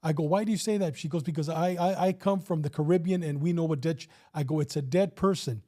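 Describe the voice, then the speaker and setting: A man's voice: on the high side, quick pace, dark tone. A man in his fifties, a retired police officer, telling a story in a casual interview and acting out the dialogue with some swearing.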